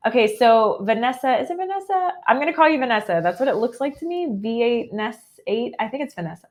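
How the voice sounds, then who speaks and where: Animated and a little fast, this American-accented woman speaks on the high side during a live tarot reading. She's upbeat and chatty, filling her talk with "um" and "like."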